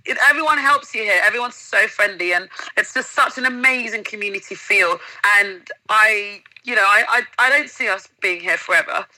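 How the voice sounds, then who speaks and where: A woman's voice: mid-range voice, normal speed, few pauses, sharp tone, no echo, low-quality recording. A woman in casual interview chat, telling stories enthusiastically and vividly as a guest. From England.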